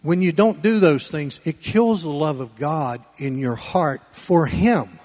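A man preaching a Sunday sermon in church, folksy and conversational, swinging between loud emphatic lines and quiet low asides. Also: a little slow, long reverb tail. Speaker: pastor.

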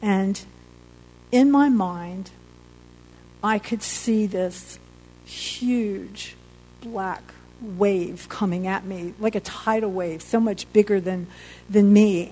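A woman telling her personal faith testimony about surviving an accident, earnest and halting, sometimes emotional. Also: medium pitch, warm tone, rough recording.

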